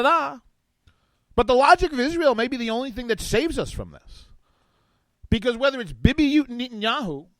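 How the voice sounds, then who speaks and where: A male guest host delivering political talk radio commentary into a studio microphone. His voice sits high and swings widely, in a sarcastic, animated riff on an article he reads aloud. The sound is dry, with no room echo.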